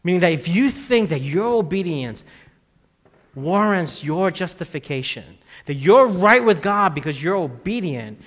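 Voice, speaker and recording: A fairly high-voiced man in his thirties preaches in an easy, conversational way and sinks low and quiet on the points that matter. His voice carries a long reverb from a church hall. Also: lively intonation, a little slow. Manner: conversational preaching, dropping low on key phrases. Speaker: pastor. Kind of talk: sermon.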